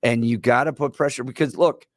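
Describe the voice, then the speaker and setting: A man in his forties co-hosting a radio talk show, telling stories in an animated way and laughing as he goes. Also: mid-range voice, fairly quick, no echo, clean studio sound. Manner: animated storyteller, laughs while telling anecdotes.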